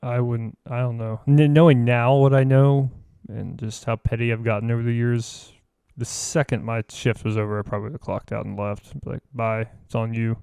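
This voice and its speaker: A man in his late twenties with a mid-pitched voice chats on a podcast. He adds wry, joking asides. The recording is close and dry. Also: level tone, brisk, gravelly, mellow, clean tone, no echo. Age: 20s. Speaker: podcast co-host. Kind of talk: casual chat.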